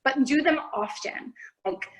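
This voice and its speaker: Upbeat fitness coach, woman, bright high register, video-call sound. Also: normal speed, rough recording. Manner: upbeat, encouraging instructor. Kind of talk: virtual class Q&A.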